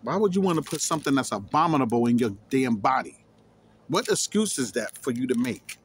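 A man's voice: medium pitch, moderate pace, husky. Emphatic man teaching scripture. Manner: emphatic, repeats key words, confrontational. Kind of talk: reading and explaining scripture on video.

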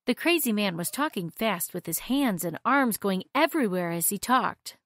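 A woman narrating a children's story aloud in an expressive read-aloud manner. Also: mid-range voice, moderate pace, no echo, studio quality.

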